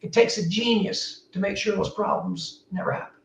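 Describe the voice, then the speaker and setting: A woman, a building technology entrepreneur, talking as a guest in a casual interview, animated and emphatic with big swings in pitch. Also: moderate pace, a little hiss or hum. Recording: roomy, distant mic.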